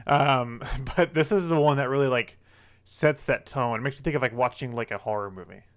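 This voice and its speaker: A man co-hosting a gaming podcast, talking enthusiastically in halting bursts full of "like". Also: mid-range voice. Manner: enthusiastic, halting, heavy use of "like". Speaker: podcast co-host. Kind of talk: casual gaming podcast chat.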